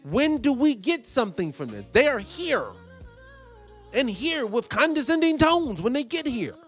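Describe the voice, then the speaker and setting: A man hosts casual reaction commentary in a high, very lively voice. He swears freely and piles up rhetorical questions. Faint music plays behind him. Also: unhurried. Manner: animated, profane, rhetorical questions. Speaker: host.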